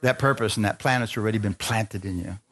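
Here a man preaches quickly, pausing to ask the congregation for amens. He drops into low asides, then rises to loud, swelling exhortation, throwing in self-deprecating jokes as he goes.

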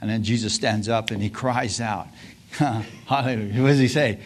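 Preaching at a moderate pace in a fairly low voice, this man peppers his sermon with hallelujahs, amens, and laughter. He questions the congregation in call-and-response fashion and performs scripture scenes in animated voices.

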